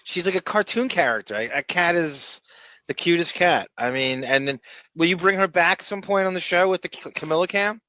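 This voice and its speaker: A man's voice: high-pitched, animated, a little fast, pushed and bright, dry recording. A man co-hosting a podcast in casual chat, playful and giggly, often breaking into laughter. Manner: giggly, playful, bursts into laughter and silly voices. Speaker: podcast co-host.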